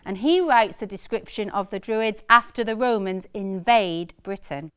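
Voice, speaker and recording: A woman presenting a history lesson, briskly correcting and explaining. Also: mid-range voice, a bit bright, smooth. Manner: brisk, matter-of-fact corrections. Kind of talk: educational presenting.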